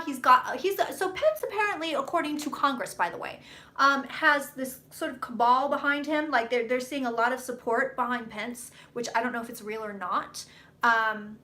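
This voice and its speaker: Bright, high-voiced woman psychic rambling. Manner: blunt, profane, rambling and fast. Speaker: psychic doing live predictions. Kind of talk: casual live stream.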